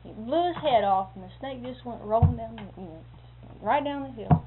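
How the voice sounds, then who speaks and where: A woman briskly tells a long anecdote in casual conversation, animatedly acting out what others said with sound effects like "boom" and bursting into laughter. The recording is tinny and lo-fi with faint hiss.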